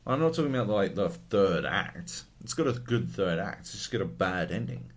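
A deep-voiced man co-hosting a casual podcast. His pitch swings widely as he rants, laughing and swearing freely. He talks in loose, animated bursts. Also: moderate pace. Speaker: podcast co-host. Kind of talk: casual chat.

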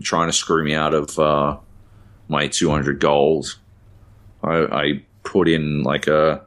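This podcast co-host has an extremely deep, low-pitched voice and keeps things casual. He wanders through his stories, stacking up filler words and tossing in offhand curses.

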